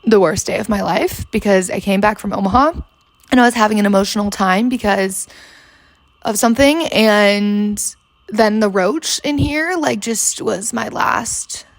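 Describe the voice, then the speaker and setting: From her bedroom, a podcast host in her twenties chats casually while hungover, wandering off topic and leaning on fillers and curse words. She speaks in an unhurried, mid-range voice, with no room sound on the recording.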